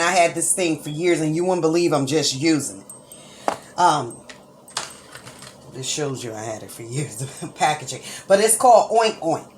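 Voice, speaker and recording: A woman's voice: deep voice, slight background noise. A woman hosting her own cooking channel, chatting casually as she walks through a recipe in her home kitchen, often checking in with "right?" and "okay?" and laughing easily. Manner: talks fast at times, laughs easily.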